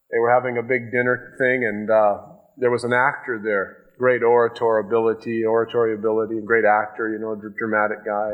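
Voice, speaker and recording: A man preaching a sermon. He reads scripture slowly and with rising emphasis, rushes through quick asides, and drops to a hush on personal points. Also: medium pitch, rough recording. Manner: swings from slow, loud emphatic reading of scripture to quick asides.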